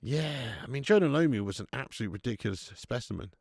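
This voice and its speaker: Creaky-voiced lad hosting a watch-along. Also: male voice, medium pitch, animated, fast, darkish tone, dry recording. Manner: casual, chatty, banters with viewers, swears. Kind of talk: live football watch-along commentary and chat reading.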